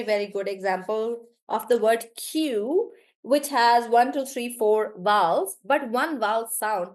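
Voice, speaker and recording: A woman teaching pronunciation over a video call, with a voice that sits a little high for a woman. She speaks warmly to her students and praises their answers. When she models a word, she slows down and pulls each syllable apart. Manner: encouraging, draws out syllables slowly when modeling words. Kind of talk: live online class.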